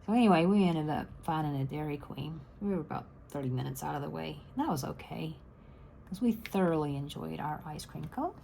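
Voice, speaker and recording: A woman's voice: sits low, lively intonation, a little fast, creaky, warm tone, slight background noise. A middle-aged woman, chatting casually and rambling to her channel's viewers. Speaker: crafting channel host.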